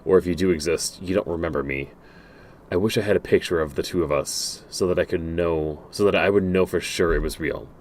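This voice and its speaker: A man's voice: deep voice, a little fast, a little hiss or hum. A man playing through a game, reading its letters and messages aloud with frequent stumbles, restarts and dry asides. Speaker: game streamer.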